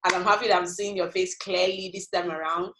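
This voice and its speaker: A woman's voice: fairly low pitch, level tone, brisk, a loud crowd, rough recording. Nigerian woman hosting a video call. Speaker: interview host. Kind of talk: casual online interview.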